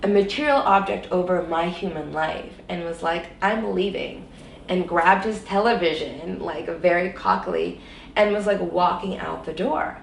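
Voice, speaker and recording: A woman's voice: lowish voice, moderate pace, gravelly, distant mic, slight background noise. A woman guest in an interview, candidly telling a personal story with emotion and many fillers, in an echoey room set back from the mic.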